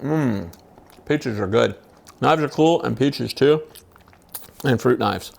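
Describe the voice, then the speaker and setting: Casual gravelly-voiced man, mid pitch, chatty collector demo, self-amused asides. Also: expressive, slow, a little mellow. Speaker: knife collector showing his knives. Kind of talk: casual demonstration vlog.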